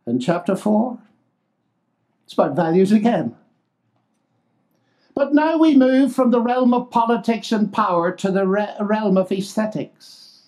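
An older man preaching a sermon, expressive and exclamatory, swinging between loud declarations and hushed asides. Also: sits high, measured pace, pauses often.

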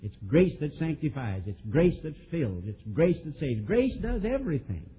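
Older preacher guy, husky voice, tinny old tape, goes quiet then booms. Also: expressive, moderate pace. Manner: storytelling preacher, swings from soft to emphatic. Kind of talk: sermon.

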